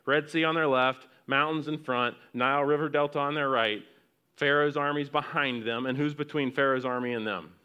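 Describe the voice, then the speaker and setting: A man preaching a sermon, reading scripture aloud and asking the congregation questions, swinging from loud rising exhortation to hushed near-whispers. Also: mid-range voice, steady tone, moderate pace, clear, resonant tone, lo-fi sound. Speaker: pastor.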